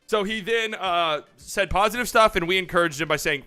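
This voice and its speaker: Bright-voiced excitable male stream host. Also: sits high, fairly quick, clean tone, faint music behind. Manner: excitable and profane, acting out mock phone calls. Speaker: livestream host. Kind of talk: casual livestream commentary.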